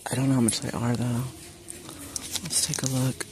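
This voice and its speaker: Shopping vlogger here: her voice is rumbling and low, with little pitch movement and a moderate pace. Walking through a big indoor store, she reads prices aloud to viewers in a casual shop-with-me chat, slightly sniffly from allergies, over store ambience noise.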